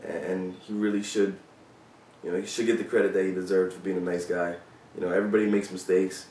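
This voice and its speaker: Low-voiced man in a roomy, distant recording. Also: level tone, a little fast, mellow, slight background noise. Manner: loose and profane, with many fillers. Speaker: former police officer telling stories. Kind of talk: casual storytelling vlog. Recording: roomy sound from away from the mic.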